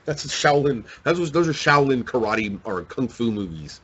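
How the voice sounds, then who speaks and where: A man's voice: mid-range voice, normal speed, highs cut off, background noise. A man co-hosting a casual webcast chat, joking and laughing a lot. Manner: joking, laughs often, animated. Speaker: co-host.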